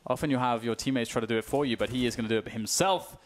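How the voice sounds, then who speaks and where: A man with a British accent giving live play-by-play commentary on an esports match, measured at times and breaking into excited yells on big plays. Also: medium pitch.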